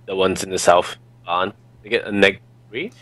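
A man's voice: deep voice, steady tone, moderate pace, a bit bright, no echo, low-quality recording. A man playing a board game against the host, speaking in short, hesitant turns with many fillers. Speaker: opponent player. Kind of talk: casual board game play.

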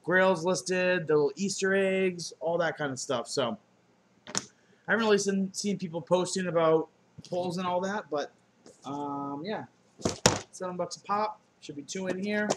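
A man's voice: sits high, a little slow, noisy background. A man chatting casually while unboxing on camera, loose and joking with goofy profane asides, recorded on a laptop indoors. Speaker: unboxing vlogger.

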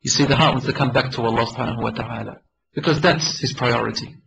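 A man's voice: mid-range voice, fast, gravelly, a bit bright, a little hiss or hum, low-quality recording. A male preacher telling a dramatic story in a sermon, emotional and acting out the voices. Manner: emotional, dramatic retelling with acted quotes.

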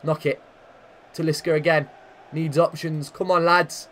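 A man giving lively, chatty commentary over a football video game, cheering and shouting at the big moments. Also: fairly high pitch, unhurried, slight background noise. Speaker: gaming commentator.

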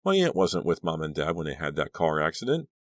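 A desperate, defiant teenage girl whose voice climbs into high, pleading cries, as a man reads her lines. Her pitch swings widely between words. The sound is dry and close. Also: big pitch swings, brisk, no room sound. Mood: frantic.

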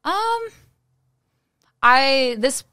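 A woman's voice: sits high, big pitch swings, drawn-out words, sharp tone. A young woman, a guest on a casual podcast, modest and laughing easily. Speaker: guest footballer. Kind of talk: casual chat.

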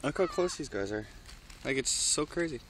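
A man casually filming outdoors, talking excitedly to birds and swearing often. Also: medium pitch, normal speed, slight background noise. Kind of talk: casual vlog narration.

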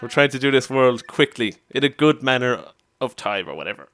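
Man, casual gameplay commentary, excitable, swooping lively pitch, faint game music behind. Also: a little fast. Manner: excitable, exclaiming and laughing at mishaps. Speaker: let's play commentator.

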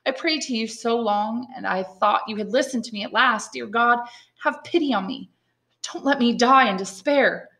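A woman's voice: on the high side, fairly quick, fairly bright tone, pitched above the performer's own voice, lightly acted. A woman voicing a desperate young male prisoner who pleads earnestly and fervently. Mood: pleading.

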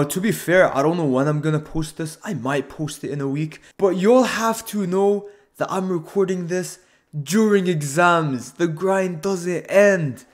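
Young man rambling through a manga review. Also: fairly high pitch. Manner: rambling and self-interrupting, jumps off topic. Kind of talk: casual on-camera chapter review.

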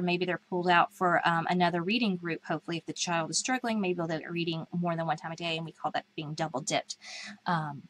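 A woman's voice: medium pitch, a bit bright, low-quality recording. Chatty woman teacher, conversational. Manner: chatty and conversational, with frequent ums and likes. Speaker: reading teacher and educator. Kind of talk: live online teaching talk.

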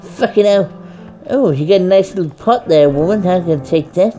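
A woman's voice: fairly low pitch, moderate pace, dark tone, faint music behind. A woman giving let's play commentary, swearing and taunting the game's characters as she speaks as the goose herself. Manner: foul-mouthed, taunting, role-playing as the goose in first person. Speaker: gamer.

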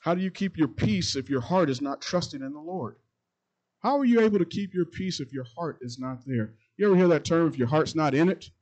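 A middle-aged man, a pastor, preaching a sermon that repeats its phrases and swings between loud and quiet passages. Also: a little high, lively intonation, brisk, highs cut off.

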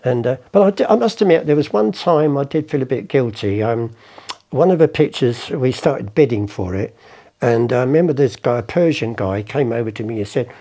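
A man's voice: mid-range voice, expressive, fairly quick, dark tone. A man, a podcast guest rambling through anecdotes, swearing and acting out the people in them. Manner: rambling, swears, acts out the people in his stories. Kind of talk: casual anecdotal storytelling.

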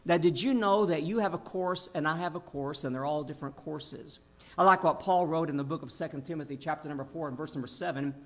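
A man's voice: on the high side, fairly quick, fairly bright tone. Folksy Tennessee preacher in his sixties. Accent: Southern American. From Tennessee, USA. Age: 60s. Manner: folksy, emphatic, self-deprecating humor. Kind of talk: sermon.

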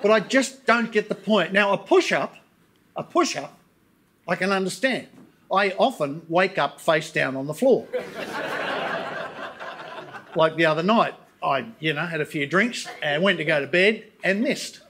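A man doing a stand-up comedy routine on stage, telling wry, deadpan stories with asides. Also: high-pitched, normal speed, noisy background. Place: on stage before a live audience.

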